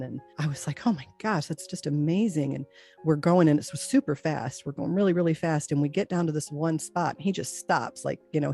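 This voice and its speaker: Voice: medium pitch, creaky, warm tone. A near-death experience witness telling their story casually and reenacting the dialogue they remember. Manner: casual, reenacts dialogue with lots of "like" and "you know". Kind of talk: personal testimony.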